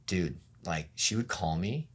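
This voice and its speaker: A middle-aged pastor telling his own story in an interview, candid and often quiet, acting out the voices of people around him. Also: sits low, moderate pace. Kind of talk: personal testimony interview.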